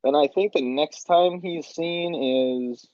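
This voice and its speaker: A man's voice: a little high, a little slow, a little mellow, dry recording, dull audio. A man directing a voice session, rambling and laughing as he explains the scenes. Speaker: machinima director and writer. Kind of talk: casual directing chat.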